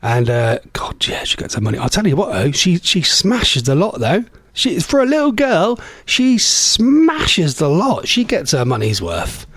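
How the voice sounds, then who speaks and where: Chatty, tired radio host. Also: male voice, fairly high pitch, wildly swooping pitch, a little slow, hardly any pauses, fairly bright tone, dry recording. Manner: chatty, rambling, reads out listener messages. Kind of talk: casual chat between songs.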